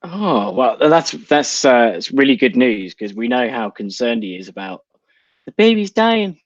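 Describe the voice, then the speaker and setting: A man's voice: medium pitch, moderate pace, dry recording, dull audio. A man with a British accent co-hosting a live show, teasing and joking over a remote line. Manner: playful, teasing. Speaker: co-host. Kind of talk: casual live show chat.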